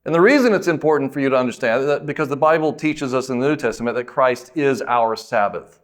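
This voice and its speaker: A man preaching a sermon as pastor, in a conversational way, asking questions and answering them himself, and slowing down to stress key words. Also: medium pitch.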